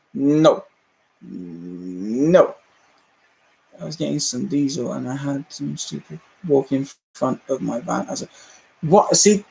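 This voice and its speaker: A man's voice: sits high, darkish tone. A man with a British accent hosting a live stream, ranting casually, laughing often and acting out the people in his stories. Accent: British English.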